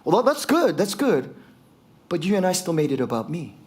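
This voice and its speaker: A man preaching a sermon as pastor, switching between English and Korean and growing fired up, rising to shouts for emphasis. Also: high voice, big pitch swings, normal speed. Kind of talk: bilingual sermon.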